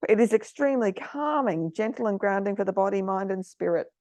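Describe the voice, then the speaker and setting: A middle-aged woman host talking earnestly to parents, sometimes moved to emotion, giving gentle advice. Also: mid-range voice, expressive, fairly quick, no echo. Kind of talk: casual product talk to parents.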